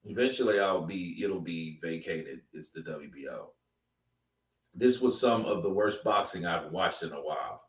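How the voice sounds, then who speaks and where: A low-voiced man hosts a live stream, chatting loosely with plenty of slang and tangents. The sound is echoey and comes from a distant mic. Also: animated, moderate pace. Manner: loose, rambling, slangy talk. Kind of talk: casual chat.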